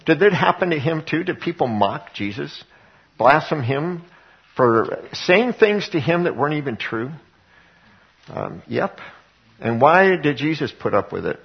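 A man's voice: a little high, very animated, measured pace, creaky, slightly rough, lo-fi sound. A male pastor preaching a conversational sermon to his congregation, full of rhetorical questions. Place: church sanctuary before a congregation.

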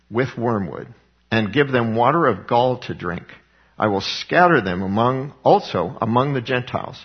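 Husky middle-aged man preaching fervently. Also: mid-range voice. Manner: fervent, conversational preaching with frequent restarts. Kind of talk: sermon. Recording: dull lo-fi recording.

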